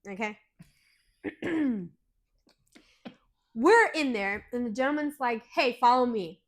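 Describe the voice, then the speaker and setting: High-voiced animated woman podcast host. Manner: animated, dramatic retelling with swearing. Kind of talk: casual storytelling chat.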